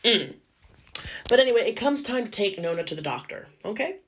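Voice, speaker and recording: A woman caregiver telling a story in a casual, lively and cheeky way, cussing freely. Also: fairly high pitch, brisk, slight background noise.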